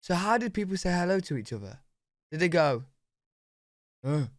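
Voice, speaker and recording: A young British man, a streamer chatting and reacting to a video in an animated, exclamatory way. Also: high-pitched, fast talker, no echo, studio quality. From United Kingdom. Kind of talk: casual reaction commentary.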